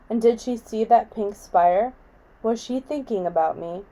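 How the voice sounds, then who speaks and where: An audiobook reader, a woman, reads a novel aloud in a quiet, measured way. Her voice is mellow and soft at an ordinary middle pitch, and the recording is muffled.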